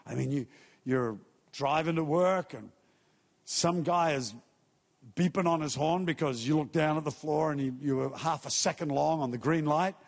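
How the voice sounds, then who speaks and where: A man's voice: a little high, moderate pace, gravelly, in a large hall. A male pastor preaching a conversational sermon, acting out everyday scenes and quotes as he goes.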